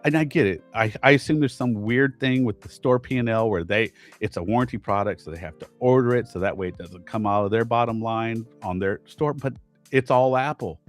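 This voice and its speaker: A man co-hosting a podcast tells a story in relaxed, casual chat. He sounds animated and exasperated, restarting his sentences as he goes. His voice sits at an ordinary middle pitch, with faint music underneath. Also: a little fast. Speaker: podcast co-host.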